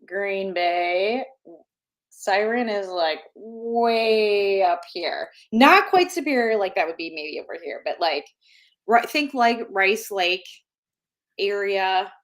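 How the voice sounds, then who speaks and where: A woman co-hosts a casual live chat in an even, mid-range voice. She is chatty and thinks out loud, often hunting for the right word with "um" and "like". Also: mid-range voice, slow. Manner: chatty, searches for words aloud, uses fillers. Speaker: co-host.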